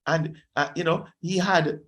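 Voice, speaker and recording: A man's voice: on the high side, steady tone, measured pace, fairly bright tone. A pastor with a Jamaican accent preaching a sermon, exhorting his listeners and slipping into Patois phrases.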